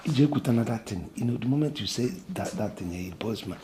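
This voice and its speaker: A man's voice: mid-range voice, animated, quick pace, dark tone, slight background noise, close to an everyday voice. An actor with a Nigerian English accent playing an anxious, complaining young man who believes he is cursed. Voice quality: worried, complaining.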